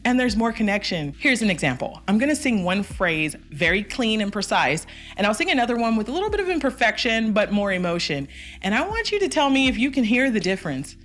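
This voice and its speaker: A woman's voice: on the high side, a bit bright. A woman vocal coach giving an online singing lesson, talking straight to the viewer in an upbeat, direct way.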